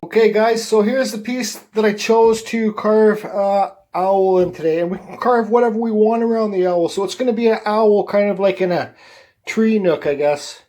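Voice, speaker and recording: A middle-aged man with a rather high-pitched voice talks straight to his viewers. His telling is loose and conversational, full of restarts and repeated phrases. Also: normal speed, warm tone. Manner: rambling, conversational, repeats words while telling a story. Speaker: woodcarving vlogger. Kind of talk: casual talk to camera, personal storytelling.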